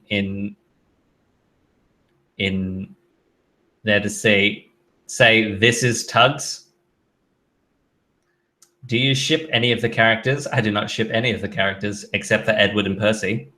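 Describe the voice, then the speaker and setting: A man with a lowish, sharp-toned voice hosts a casual live stream, reading chat questions aloud and answering them offhandedly and chattily, using fillers.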